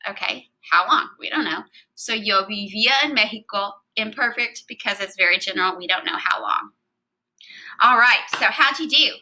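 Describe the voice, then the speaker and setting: A woman's voice: mid-range voice, moderate pace, pushed and bright, low-quality recording. A woman teaching a recorded Spanish grammar lesson, explaining patiently and spelling out letters.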